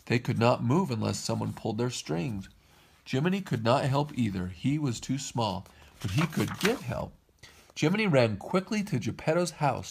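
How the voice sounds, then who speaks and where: Dad reading a kids story out loud, raspy gravelly voice, really animated. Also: male voice, mid-range voice, moderate pace. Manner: expressive, lively reading. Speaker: father reading to his kids. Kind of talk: storybook read-aloud.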